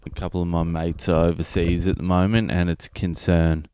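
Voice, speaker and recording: A man's voice: deep voice, little pitch movement, a little fast, mellow, clean tone, no echo, studio quality. An Australian man in his thirties, a comedian hosting his own podcast, delivering a profane, ranting comedic monologue.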